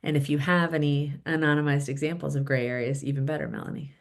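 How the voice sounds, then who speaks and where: A woman's voice: low voice, steady tone, fast talker. A woman hosting a webinar panel, playful and teasing with her guests. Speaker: host.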